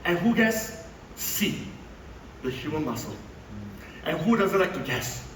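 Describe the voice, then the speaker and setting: Lively high-voiced man on stage. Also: a little slow, noisy background. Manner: animated, playful, rhetorical questions to the audience. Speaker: motivational speaker. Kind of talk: motivational stage talk. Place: hall with an audience. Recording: echoey hall from far off.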